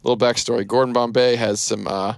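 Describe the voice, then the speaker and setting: A man's voice: medium pitch, fairly even intonation, fairly quick, gravelly, no echo, clean studio sound. A man in his thirties hosting a podcast, recapping a movie in a rambling, casual chat full of fillers and restarts. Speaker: podcast host.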